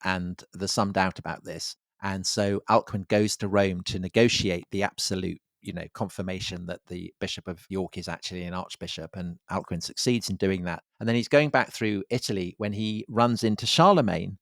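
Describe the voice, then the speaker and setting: A man's voice: low voice, steady tone, normal speed, creaky, few pauses, no room sound, studio quality. A man co-hosting a history podcast, explaining events in an enthusiastic storytelling way. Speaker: podcast co-host.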